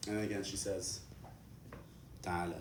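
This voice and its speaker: A man's voice: mid-range voice, a little fast. A young man in his twenties doing a stand-up comedy set, telling a childhood story in a loose way, full of fillers and restarts. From London, Ontario, Canada. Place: comedy club stage with live audience. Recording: roomy, distant, noisy club recording.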